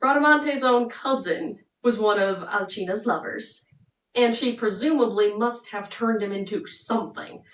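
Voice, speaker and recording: A woman's voice: mid-range voice, a little slow. A young woman casually retelling an opera plot in a chatty, playful way. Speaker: opera summary storyteller. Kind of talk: casual storytelling. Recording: roomy, distant mic.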